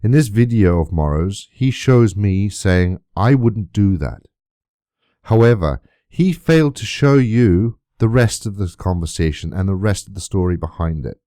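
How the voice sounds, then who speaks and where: A man's voice: deep voice, warm tone, no room sound, studio quality. A man delivering an indignant, emphatic monologue to camera, full of rhetorical questions. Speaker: YouTube creator.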